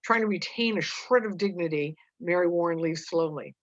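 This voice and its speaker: A literature teacher reads a play aloud to homeschoolers and explains it in plain words, using frequent fillers. Her voice is low for a woman and at a normal speed, and the recording is dull and dry, with no room sound or echo.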